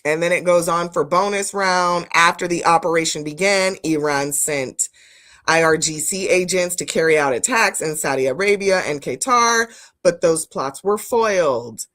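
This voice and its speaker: A woman's voice: on the low side, moderate pace. A woman streaming live, reacting to news clips and chatting with her viewers, blunt and profane, calling them "family". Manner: animated, blunt, profane, talks to chat as "family". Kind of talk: live-stream commentary chat.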